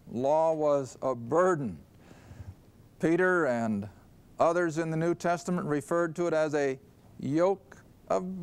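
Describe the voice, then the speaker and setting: A man teaching a Bible study lesson speaks slowly and earnestly. His voice sits fairly high for a man and comes through smooth and clear. He stresses key words and puts questions to his class. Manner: stresses words and reads scripture aloud.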